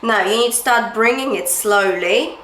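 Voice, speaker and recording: Woman singing teacher, higher voice, slow deliberate coaching with frequent check-ins, echoey room. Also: fairly bright tone, a little hiss or hum. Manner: encouraging, checks in with frequent "yeah?" and "okay?"; demonstrates sung phrases and light falsetto between explanations. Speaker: vocal coach. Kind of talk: singing lesson instruction.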